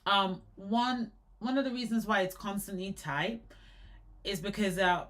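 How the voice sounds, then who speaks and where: A young adult woman in casual live commentary on hair care, chatty and animated, often repeating and restarting words. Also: mid-range voice, measured pace.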